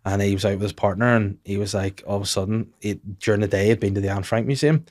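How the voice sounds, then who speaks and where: A man's voice: lowish voice, no echo, clean studio sound. A man hosting a podcast, telling rambling anecdotes in casual chat. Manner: rambling anecdotal storyteller, quick and animated. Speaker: podcast host and comedian.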